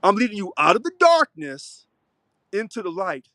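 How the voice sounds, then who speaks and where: A man speaks in a high, dry voice, very close to the mic, in an unscripted video monologue. He preaches with fire and repeats himself, leaning on the same phrases over and over. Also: very animated, normal speed, fairly bright tone, no room sound. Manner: preachy, fiery, repetitive. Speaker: local union president.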